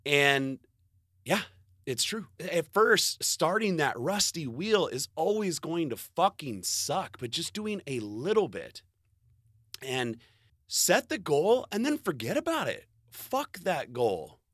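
A man's voice: fairly high pitch, sing-song, slow pace, fairly bright tone, no room sound, studio quality. A man giving a casual, rambling motivational monologue, swearing freely, laughing often and cutting himself off mid-thought. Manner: profane, rambling, self-interrupting, laughs often. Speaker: vlogger.

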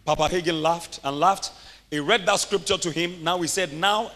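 A man preaching a sermon as a pastor, laughing often and rising to shouted exclamations. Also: on the high side, fairly even intonation, moderate pace, big-room sound. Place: church.

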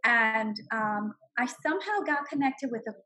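A woman in her forties recounts her own story with feeling, her voice fairly high and husky. She talks in an animated, heartfelt way, like someone giving a personal testimony. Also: moderate pace, poor audio. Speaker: guest sharing her story.

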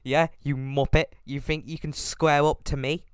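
Taunting prank caller, smooth voice. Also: male voice, a little high, little pitch movement, normal speed, no echo, clean studio sound. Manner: taunting, childish insults. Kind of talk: prank phone call.

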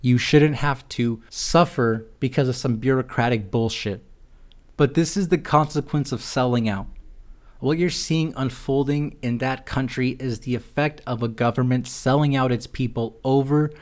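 Male podcast host, solo rant, mid-pitched voice, sarcastic and foul-mouthed. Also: moderate pace. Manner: sarcastic, profane, heated.

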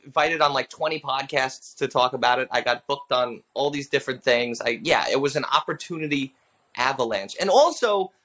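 A man's voice: medium pitch, moderate pace. A man in his thirties, a comedian telling stories on a casual podcast, acting out the people he quotes. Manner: animated storyteller, acts out quoted people. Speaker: comedian and impressionist guest.

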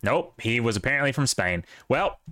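A man's voice: medium pitch, big pitch swings, moderate pace, sharp tone, dry recording, clean studio sound. A man co-hosting a casual podcast chat, opinionated and rambling, with plenty of fillers. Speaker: podcast co-host.

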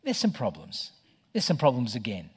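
A man's voice: mid-range voice, huge pitch swings, moderate pace, slightly rough. Man, pastor, sermon, storytelling, stammered restarts, middle-aged. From Australia.

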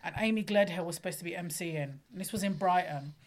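A woman comedian, chatting casually and telling an animated story, swearing and laughing often. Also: lowish voice, fast talker. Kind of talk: casual chat.

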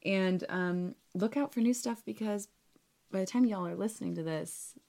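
A woman's voice: medium pitch, normal speed, gravelly, dark tone. A woman co-hosting a podcast in casual chat, bubbly and teasing, laughing often. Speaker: podcast co-host. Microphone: call recording.

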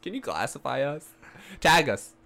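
A man co-hosting a casual movie podcast, trading quick teasing wisecracks. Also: a little high, very animated, gravelly, sharp tone. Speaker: podcast co-host. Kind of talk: casual banter.

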